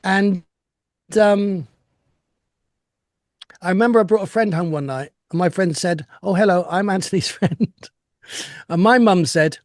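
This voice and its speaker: A man's voice: sits high, a little slow, long pauses, no room sound, studio quality. An older man speaking reflectively over a video call from home as an interview guest, with laughs and restarts. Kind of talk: casual chat.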